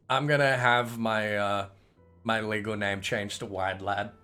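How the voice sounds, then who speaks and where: A man's voice: fairly low pitch, measured pace, bright, forceful tone, clean tone, soft background music. A man giving casual, jokey commentary while playing a game, rambling and chatty. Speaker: gaming streamer. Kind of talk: casual let's-play commentary.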